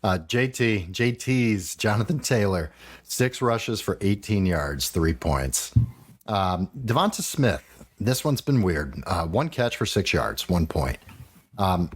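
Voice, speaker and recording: A man hosting a fantasy football podcast, talking in animated, rambling casual chat with the odd swear. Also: on the low side, slow pace, slightly rough.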